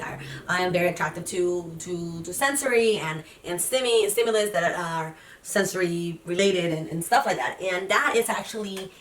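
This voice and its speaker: A young woman talking fast and casually to camera, rambling with lots of fillers and restarts. Her voice sounds a bit distant from the mic, and the room gives it a noticeable echo. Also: medium pitch, a bit bright, slight background noise. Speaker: vlogger. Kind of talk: casual personal vlog.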